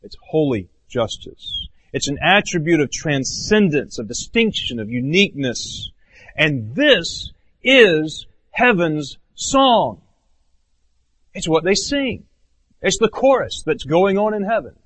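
A man preaching a sermon as pastor, earnest, swinging between raised emphatic phrases and low hushed ones. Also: very animated, slow, slightly rough.

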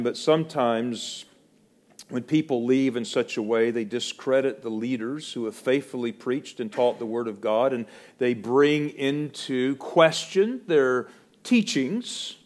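A pastor preaching a sermon in a church, swinging between loud, emphatic proclamation and quiet, hushed warning. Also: male voice, mid-range voice, slow.

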